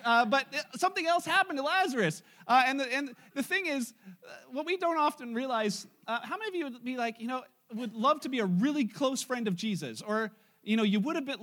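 A man's voice: very high-pitched, fairly bright tone. A man preaching a sermon in church, retelling a Bible story in a casual, joking way to his congregation. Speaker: pastor.

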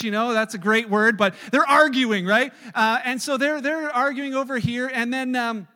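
A middle-aged man preaching a sermon, telling family stories in an animated way and acting out the dialogue. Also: extremely high pitch. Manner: storytelling, animated, acts out dialogue. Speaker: pastor. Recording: long reverb of a large hall.

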